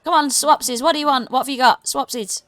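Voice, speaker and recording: A woman voicing an excitable male goblin twin who loves to trade, loud and chanting. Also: sits high, quick pace, no echo, voice pushed up. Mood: gleeful.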